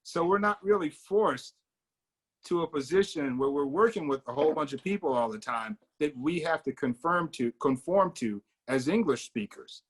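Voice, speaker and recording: An American man in a casual discussion, thinking out loud with frequent restarts and fillers. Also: a little high, animated, normal speed, slightly rough. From United States. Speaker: discussion participant.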